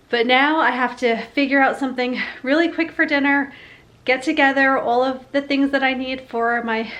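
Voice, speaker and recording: A woman in her forties vlogging her busy day in a chatty, apologetic way, laughing often. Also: slight background noise. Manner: high, sing-song baby talk to her pets. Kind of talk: casual daily vlog.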